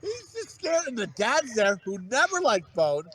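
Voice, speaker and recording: A man's voice: very high-pitched, huge pitch swings, unhurried. A man co-hosting a podcast, telling rambling, profane stories in casual chat, full of fillers and restarts. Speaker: podcast co-host.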